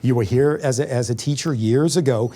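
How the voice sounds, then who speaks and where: A man's voice: medium pitch, fairly quick, dark tone. A man interviewing a new school principal in a friendly, conversational way. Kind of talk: interview host.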